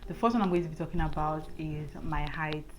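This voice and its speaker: Chatty young woman, low voice. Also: steady tone, brisk. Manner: chatty, earnest, lots of "like". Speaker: vlogger. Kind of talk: casual chat to camera. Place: indoors at home, lit by a ring light.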